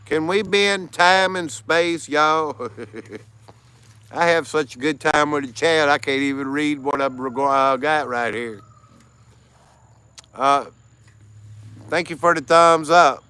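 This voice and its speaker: A man's voice: on the high side, steady tone, slow, long pauses, pushed and bright, smooth. A tired American man hosting a casual livestream, greeting chat viewers by name and laughing often. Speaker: livestream host.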